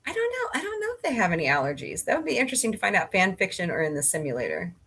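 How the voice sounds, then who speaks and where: Her voice is on the low side but swoops wildly in pitch, very fast, slightly bright, with a breathy edge. At home with cats around, this livestream host chats goofily and easily with viewers, reading their comments aloud and breaking into laughter readily.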